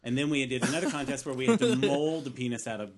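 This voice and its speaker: A man's voice: mid-range voice, expressive, fast, crowd noise. A man co-hosting a casual podcast, chatty and laughing often, trailing off with fillers. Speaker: podcast co-host. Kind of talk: casual chat.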